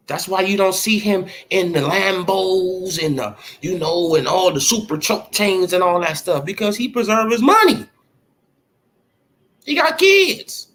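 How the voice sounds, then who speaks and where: A man giving casual boxing opinions, loose and slangy, often asking if you feel what he's saying. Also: a bit bright. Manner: acts out imagined dialogue in swinging pitch. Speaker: boxing commentary vlogger.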